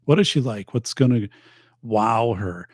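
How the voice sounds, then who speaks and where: A man's voice: mid-range voice, expressive, measured pace, darkish tone, no echo. A middle-aged man hosting a podcast, chatting in a rambling way with many fillers, losing his voice and tired. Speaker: podcast host. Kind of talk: casual chat reading viewer comments. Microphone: studio microphone.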